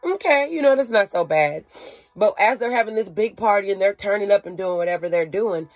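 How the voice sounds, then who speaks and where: A woman retelling a Bible story in a chatty, animated way, with slang and asides. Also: medium pitch, brisk, no room sound. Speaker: Bible teacher.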